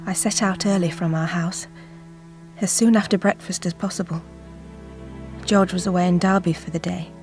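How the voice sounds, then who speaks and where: An actress playing a grieving Victorian mother reading from her diary in a formal, measured way. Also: on the low side, steady tone, darkish tone, faint music behind, natural voice. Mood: resolute. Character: grieving Victorian mother, diarist, bereaved and withdrawn. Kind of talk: radio drama acting.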